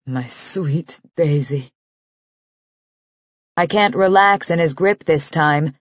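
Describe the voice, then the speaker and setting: Lady reading a romance audiobook, slow and close, super dry slightly muffled sound. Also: mid-range voice, dry recording. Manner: slow, measured, intimate reading. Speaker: audiobook narrator. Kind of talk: first-person scripted narration.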